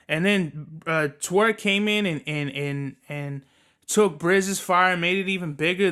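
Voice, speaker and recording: A man's voice: on the high side, pushed and bright, smooth. A man hosting a podcast on his own, talking in a rambling, profane, slangy and opinionated way. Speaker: podcast host. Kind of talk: casual solo commentary.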